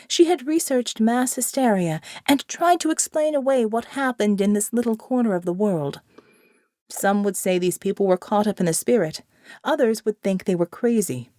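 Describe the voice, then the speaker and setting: A woman narrating an audiobook thriller in a measured, steady way. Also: fairly high pitch, no echo, studio quality. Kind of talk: scripted narration.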